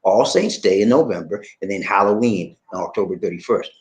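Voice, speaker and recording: A vlog host from the USA reads viewer comments in casual chat, laughing a lot and drawling out "man." His voice is fairly low, animated, fairly quick and a little mellow, and the recording is muffled with room echo.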